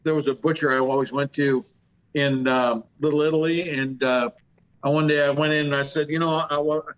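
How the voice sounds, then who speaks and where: A man's voice: mid-range voice, fairly even intonation, a little fast, fairly bright tone, dull audio. A man telling a casual story as a podcast guest. He acts out the other people in his story. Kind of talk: casual anecdote.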